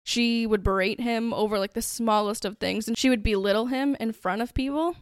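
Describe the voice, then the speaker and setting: A woman's voice: a little high, a little fast, clear, resonant tone, dry recording, studio quality. A woman hosting a true-crime podcast, telling the story in a chatty, conversational way. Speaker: podcast host.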